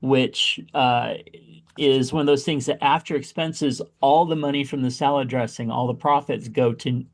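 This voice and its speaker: A man co-hosting a podcast, chatting casually about a movie with big excited jumps in pitch when he exclaims. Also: normal speed. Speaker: podcast co-host. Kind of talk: casual chat reviewing a movie.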